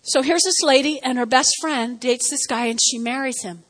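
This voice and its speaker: A woman pastor preaching a sermon, telling stories with animated, laughing delivery. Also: sits high, moderate pace.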